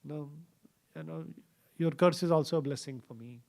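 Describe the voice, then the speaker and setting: A man voicing a humble male king who calmly accepts his fate, with hesitant pauses. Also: fairly high pitch, gravelly.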